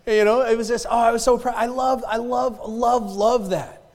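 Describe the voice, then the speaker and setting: An extremely high-pitched, steady, slightly mellow male voice delivers a sermon at a moderate pace. He talks conversationally, repeats himself, and asks the congregation "right?" and "amen?" in a church sanctuary with long hall reverb.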